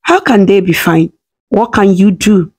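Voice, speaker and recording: A woman's voice: medium pitch, lively intonation, unhurried, breathy edge. A woman voicing a grieving elderly grandmother who weeps and pleads for her grandchildren. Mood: weeping. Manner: weeping, pleading.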